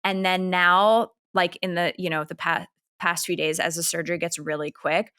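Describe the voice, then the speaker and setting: A woman's voice: fairly low pitch, flat delivery, normal speed, pushed and bright, clear, resonant tone. A woman in her thirties with a Canadian accent, co-hosting a podcast in a candid, rambling casual chat full of filler words. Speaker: podcast co-host.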